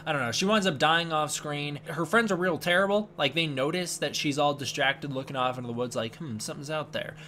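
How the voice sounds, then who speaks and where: A man's voice: a little high, a little fast, hardly any pauses, pushed and bright, slight background noise. A man giving a casual, sarcastic spoken movie review, often mocking the characters in silly voices.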